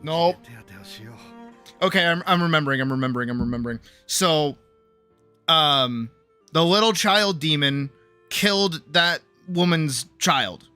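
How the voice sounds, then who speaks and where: Bright-voiced man, animated and profane. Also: a little high, measured pace, pauses often, clean tone, faint music behind. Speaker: streamer. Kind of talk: casual chat.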